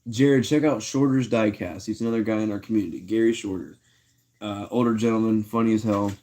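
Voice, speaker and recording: A man's voice: lowish voice, steady tone, fairly quick, dark tone. A man chatting casually on a livestream, slangy and laid-back, talking to his chat. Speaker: live streamer.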